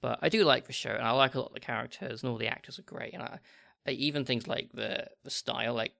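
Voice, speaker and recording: A man's voice: medium pitch, fairly even intonation, fast talker, vocal fry, pushed and bright, no room sound, studio quality. A man hosting a casual podcast chat, chatty and full of fillers and repeated words. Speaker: podcast host.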